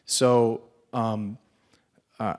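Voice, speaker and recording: A man's voice: lowish voice, flat delivery, a little mellow. Nervous man at a distant mic. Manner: nervous, halting, many restarts. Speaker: assistant public defender asking a question. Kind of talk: audience question at a panel.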